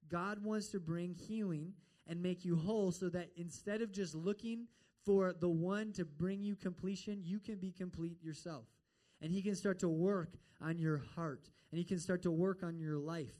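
A man's voice: high-pitched, measured pace, dark tone. A man preaching a sermon and telling a story in an earnest way, acting out the voices of the people in it. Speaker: pastor.

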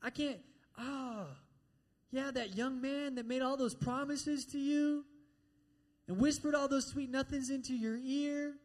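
A man's voice: extremely high pitch, fairly even intonation, a little slow, darkish tone, voice pushed up. A man voicing a sly male devil who coaxes and then sneers with scorn, acted out in the middle of a sermon. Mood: mocking.

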